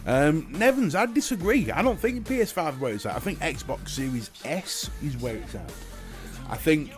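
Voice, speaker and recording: British male streamer, mid-pitched, easygoing and sweary, faint music underneath. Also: very animated, moderate pace. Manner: chatty, swears freely, reads and answers chat. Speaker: livestream host. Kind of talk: casual live-stream chat.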